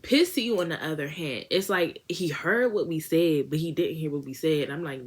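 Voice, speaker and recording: A young woman tells a storytime to her viewers in a lively, slangy way. Her speaking voice sits a little low, and she keeps jumping into quoted voices of her friends. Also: moderate pace, hardly any pauses, husky. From Washington, D.C. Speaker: beauty vlogger. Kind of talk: casual storytime.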